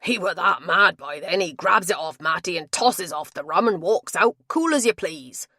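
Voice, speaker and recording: A woman reading a big, sulky male tavern tapster with gruff rustic dialect speech. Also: lowish voice, expressive, normal speed, sharp tone, no echo, studio quality, heavily acted. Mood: grumbling.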